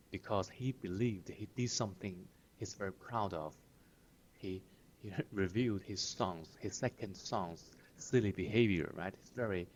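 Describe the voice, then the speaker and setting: A man explains lines slowly and patiently, repeating words and filling pauses with "uh". His low voice moves up and down a lot. The sound is dull and lo-fi. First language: Chinese. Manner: slow, patient explaining with many fillers and repetitions. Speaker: Chinese language teacher. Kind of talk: explaining sitcom lines to learners.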